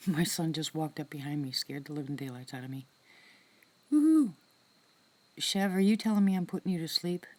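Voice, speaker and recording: A woman hosting a casual live-stream chat with viewers from outdoors in the woods at night. She talks softly into a phone, often slipping into whispers, chatty and heartfelt. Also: deep voice, quick pace, hardly any pauses. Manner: soft-spoken, drops into whispers, chatty and heartfelt.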